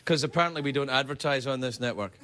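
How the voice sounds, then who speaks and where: A man's voice: mid-range voice, fast talker. A man hosting a late-night talk show, delivering a playful, self-mocking comedy monologue on a studio stage. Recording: loud audience noise in studio. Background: loud studio audience laughing and cheering.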